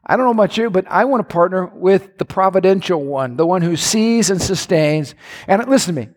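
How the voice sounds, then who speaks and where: A man preaching a sermon in an animated way, his voice climbing to near-shouts. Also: sits high, fairly quick. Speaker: pastor.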